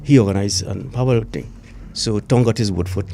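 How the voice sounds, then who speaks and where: An older Trinidadian man, a retired police inspector appearing as a guest, emotionally recounts past events with lots of local slang and repetition. His fairly low voice is creaky and mellow at a normal speed, over slight background noise.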